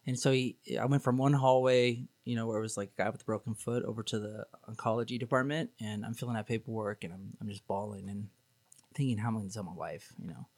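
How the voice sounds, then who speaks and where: A man's voice: fairly low pitch, fairly even intonation, fast, a little mellow, no room sound. A man, a podcast guest, telling his own story in a candid, sarcastic, rambling way with many fillers. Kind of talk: casual storytelling.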